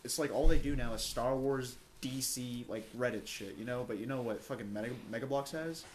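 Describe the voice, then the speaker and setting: A young man co-hosting a casual podcast chat, joking and ranting with animated energy. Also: mid-range voice, a little fast, a little hiss or hum. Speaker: podcast co-host.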